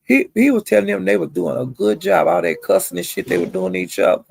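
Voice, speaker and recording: Gossipy vlogger man with a gravelly, raspy voice, slightly high, dry close sound. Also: quick pace, slight background noise. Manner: chatty, calls listeners honey and child; animated retelling, mimics others' quotes. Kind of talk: gossipy storytelling.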